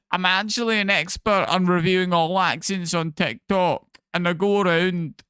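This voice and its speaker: A man's voice: high-pitched, bright, forceful tone, clean tone, no echo, clean studio sound, full character voice. A man voicing a pompous, bossy male accent coach who rants that only he can judge accents. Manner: pompous, repetitive, ranting. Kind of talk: comic improvised character bit on stream.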